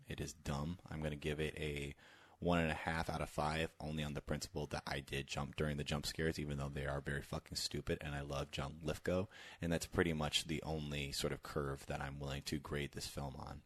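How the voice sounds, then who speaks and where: Very deep-voiced, blunt male co-host. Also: dry recording. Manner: blunt, profane, jokey. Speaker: podcast co-host. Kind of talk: casual film review chat.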